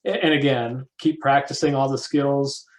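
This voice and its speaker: A man, a counselor, teaching a recovery program lesson in a halting way with frequent restarts. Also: medium pitch, fairly even intonation, rough recording.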